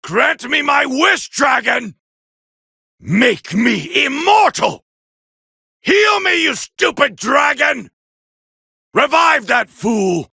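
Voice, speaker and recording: An actor playing an arrogant, proud alien warrior prince, barking boastful taunts and battle cries in gravelly video game voice clips. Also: male voice, very high-pitched, big pitch swings, drawn-out words, long pauses, sharp tone, no room sound, raised voice, clean studio sound, exaggerated voice. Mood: arrogant, furious. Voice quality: gravelly, raspy. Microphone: close studio mic, dry.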